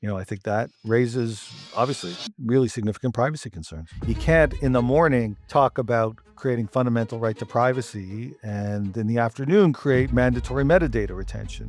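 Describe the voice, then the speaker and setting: A man, a law professor, explaining a policy issue in a podcast interview, measured with emphatic stresses. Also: mid-range voice, darkish tone, faint music behind.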